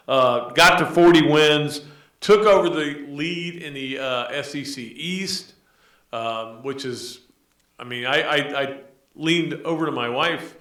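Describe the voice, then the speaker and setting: A man's voice: a little high, a bit bright. A middle-aged man hosting a sports podcast in casual, rambling talk full of fillers and restarts. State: emotional. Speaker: podcast host. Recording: echoey room.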